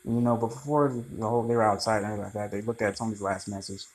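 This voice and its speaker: A man rambling through a casual, animated movie review, swearing freely. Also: fairly low pitch, rapid-fire, rough recording.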